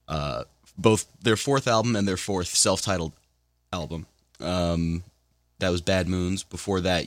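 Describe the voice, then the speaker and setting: A man's voice: low voice, a bit bright, no room sound. A man working as a college radio DJ with the hiccups, announcing songs in a loose, rambling way with self-deprecating asides, in a studio on a broadcast mic. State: has the hiccups.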